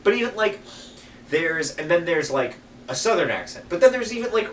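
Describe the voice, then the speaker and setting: A man's voice: fairly high pitch, moderate pace. A man from the United States chatting casually and rambling, swearing for emphasis. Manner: rambling, swears for emphasis, lively when telling stories. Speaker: podcast co-host. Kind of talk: casual chat over beers. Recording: echoey room, mic at a distance, faint background noise.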